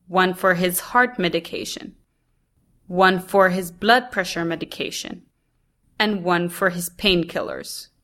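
A woman reading a first-person story aloud in a measured, deliberate way. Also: medium pitch, a bit bright.

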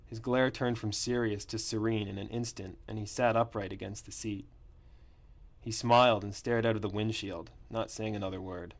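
A man narrating a first-person story in a plain, steady reading voice. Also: lowish voice, moderate pace.

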